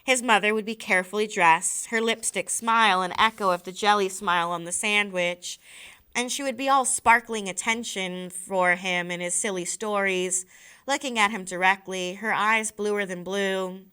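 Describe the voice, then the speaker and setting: A teacher reads a novel aloud with a bright, sharp tone. Her voice is crisp and smooth, and she drags out important phrases for weight. The delivery is expressive but unhurried. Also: medium pitch. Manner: slows down on key phrases. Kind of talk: expressive read-aloud narration.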